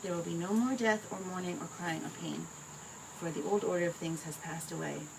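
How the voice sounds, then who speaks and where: A woman reading a picture book aloud to her child in a gentle, expressive way. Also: on the low side, fairly quick. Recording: home recording with clear background noise.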